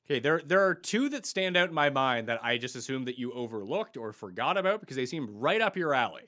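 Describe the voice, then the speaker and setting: A man's voice: medium pitch, very animated, quick pace, pushed and bright. A man hosting a casual chat who teases his co-host with dry humor. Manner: teasing, wry.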